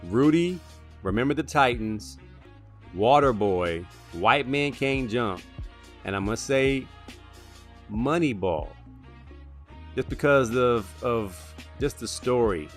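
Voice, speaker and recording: A man co-hosting a sports show, talking through favorite movies in a casual, animated way and tacking "man" onto lines. Music plays faintly underneath. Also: mid-range voice. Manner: animated, drawn-out "man" asides.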